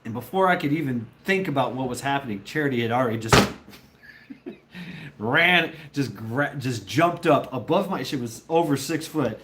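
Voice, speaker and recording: A livestreamer chats casually with his viewers, telling a rambling, profane story and laughing often. His mid-range voice is expressive and moderately paced, with background noise.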